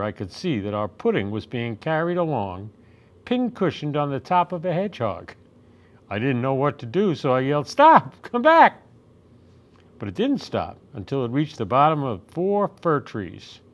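Male storytime reader, lively swinging pitch, gentle read-aloud delivery. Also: highs cut off. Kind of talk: reading a picture book aloud.

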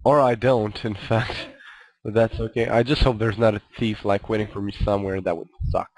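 A man's voice: on the low side, steady tone, moderate pace, a little mellow, rough recording. A man giving casual, self-mocking commentary while playing a video game, rambling and chuckling as he goes. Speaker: let's play commentator.

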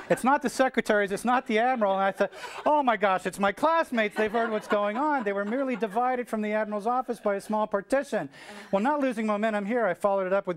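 Animated man telling a stage story. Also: sits high, fast, a little hiss or hum. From United States. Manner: animated storyteller acting out dialogue, shouting cheers. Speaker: keynote speaker. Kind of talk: storytelling keynote speech.

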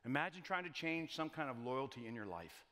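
A man's voice: mid-range voice, very animated, a little fast, pushed and bright. A male pastor preaching a conversational sermon in a church, with folksy joking asides and frequent repeated words. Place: church sanctuary. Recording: long church reverb.

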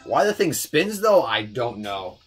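A young man giving casual gameplay commentary, fast-talking, swearing, often stumbling over words. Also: mid-range voice, big pitch swings, husky, soft background music. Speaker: let's player.

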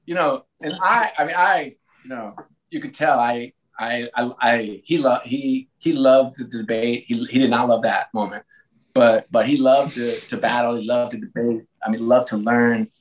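A man in his late forties, a sports team executive as a podcast guest, telling stories in a lively way with frequent restarts. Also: mid-range voice, normal speed, rough recording. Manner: animated, frequent restarts and repeated words. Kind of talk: casual interview storytelling.

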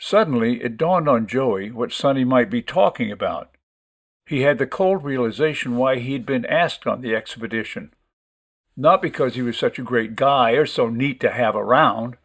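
Male narrator, measured expressive audiobook read, mid-pitched. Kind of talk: audiobook story reading.

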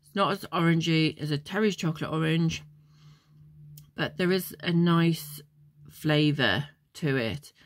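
With a deep voice and a slightly slow pace, a vlogger reviews chocolates as she tastes them in a dry recording. Her casual chat wanders into memories, peppered with ums.

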